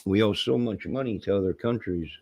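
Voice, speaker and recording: A man from Illinois, near Chicago, hosts a livestream, rambling casually, joking and answering viewers. His deep voice is gravelly, husky and a little mellow, and he speaks slowly. The recording is dry and close.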